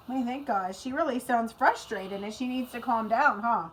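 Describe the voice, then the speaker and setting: A woman teacher reads a picture book aloud to young children in a gentle, coaxing tone. Her voice sits a little high. A faint background hiss runs under the reading. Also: normal speed, few pauses, low-quality recording. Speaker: preschool teacher.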